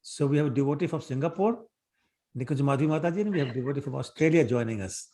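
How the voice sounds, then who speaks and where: A man ending an online class and chatting warmly, often repeating himself. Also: medium pitch, very fast, a loud crowd. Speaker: class teacher. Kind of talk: end of an online class, casual chat. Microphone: video call.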